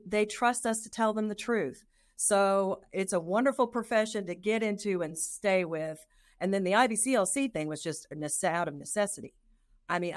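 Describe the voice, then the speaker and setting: Middle-aged female nurse guest, expressive storyteller, mid-range voice. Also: medium pitch. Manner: animated, acts out her own past thoughts. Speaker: nurse and lactation consultant guest. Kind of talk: personal storytelling in an interview.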